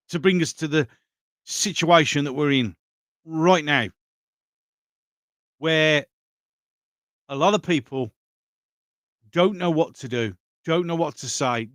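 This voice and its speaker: A slightly high-pitched man with a fairly bright tone hosts an easygoing live stream, reading viewer messages and answering them. The recording is dry and studio-clean.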